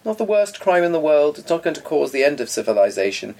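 A man's voice: on the high side, big pitch swings, fast talker, a little mellow, a little hiss or hum. A man co-hosting a casual chat, talking in an articulate, pedantic, opinionated way. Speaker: podcast co-host.

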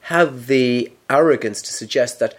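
A man's voice: mid-range voice, unhurried. A man from Britain co-hosting a podcast in casual chat, pedantic and dry, arguing points about grammar and words. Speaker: podcast co-host.

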